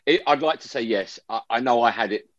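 A man's voice: medium pitch, fairly quick, lo-fi sound. A man, a football broadcaster, chatting as a guest on a remote call from a room at home and telling stories with lots of restarts. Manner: animated storyteller, frequent restarts. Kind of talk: casual chat.

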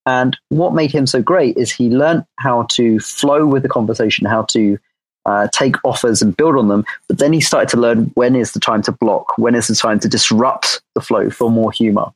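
A man's voice: mid-range voice, fairly even intonation, moderate pace, no room sound, poor audio. A man chatting casually as a guest coach, upbeat and joking as he explains things. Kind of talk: casual chat.

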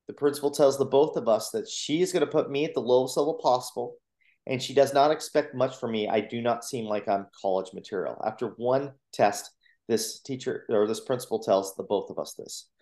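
A man, a motivational coach and speaker, earnestly telling his personal story in a podcast interview, with lively retellings of what people said. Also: medium pitch, brisk. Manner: earnest, animated retelling with acted quotes. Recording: roomy echo.

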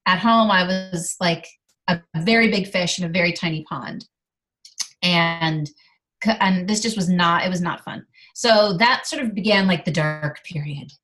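A middle-aged woman speaking as a guest, candidly telling a personal story with lively delivery. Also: fairly low pitch, measured pace. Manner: animated, acts out quoted dialogue.

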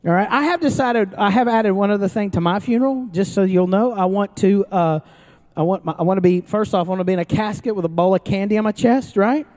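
A pastor giving a sermon to a room full of people, talking casually rather than reading. The voice sits at a middle pitch, stumbles and restarts often, and keeps turning to the audience with questions. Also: quick pace, darkish tone. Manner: conversational and joking, with frequent restarts. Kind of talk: sermon to a live congregation. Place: church service before an audience, also streamed online.

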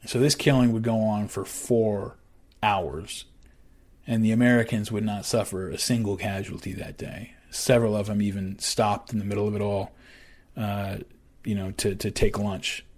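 A man podcaster narrating history in a measured, conversational way, with fillers and restarts. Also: on the low side, flat delivery, darkish tone.

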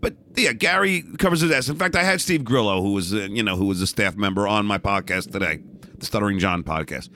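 A middle-aged man as an interview guest, telling candid stories in a blunt, animated way, often restarting and repeating words. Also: on the low side, quick pace, a little hiss or hum. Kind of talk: candid storytelling in a conversation.

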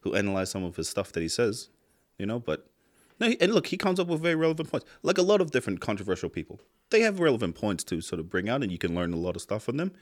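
Impassioned New man, low voice. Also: sing-song, fast talker. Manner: impassioned, swears a lot, rising emphatic outbursts. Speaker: podcast co-host. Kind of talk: casual chat.

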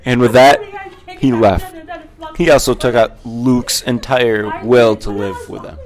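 A man's voice: mid-range voice, steady tone, measured pace. A man reading the narration of a fan story aloud in a plain, matter-of-fact way.

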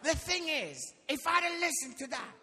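High, bright-voiced comic preacher. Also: male voice, moderate pace. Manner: lively, comic, asks the audience questions. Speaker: guest preacher. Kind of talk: comic storytelling sermon. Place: church hall, live audience. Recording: long church hall reverb.

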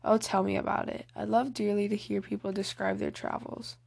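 A woman's voice: medium pitch, level tone, fairly quick, vocal fry, a little mellow, breathy edge. A woman reading aloud as a spirited, outspoken teenage girl in a storybook, in a voice close to her own. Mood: eager. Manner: outspoken, hearty. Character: spirited tomboyish teenage girl, blunt and eager.

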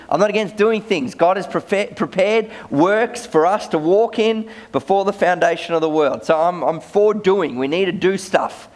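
Pastor preaching in a high, lively voice. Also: male voice, normal speed, hardly any pauses. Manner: conversational, repeats words when starting sentences. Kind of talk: sermon.

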